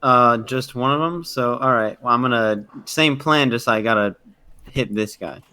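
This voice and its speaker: A man's voice: mid-range voice, normal speed, sharp tone, smooth. A man playing a tabletop game, thinking aloud in a loose, hesitant way. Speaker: player. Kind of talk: casual tabletop game chat.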